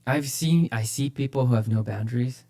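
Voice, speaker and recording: A man's voice: mid-range voice, moderate pace, mellow. A man co-hosting a church podcast, talking casually and with energy about faith, often repeating phrases for emphasis. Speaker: podcast co-host, church leader.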